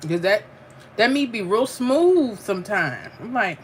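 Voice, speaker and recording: A woman's voice: mid-range voice, sing-song, unhurried, slight background noise. A middle-aged woman, chatting casually while she eats on a home livestream and reads out viewer comments, laughing and calling people "honey". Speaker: livestream host.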